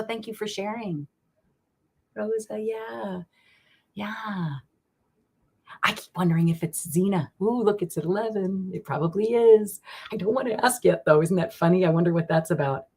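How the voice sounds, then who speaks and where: Excitable low-voiced woman psychic. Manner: chatty, excitable, addresses viewers by name; slow solemn invocation prayers. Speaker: online psychic reader. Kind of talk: live-stream divination chat.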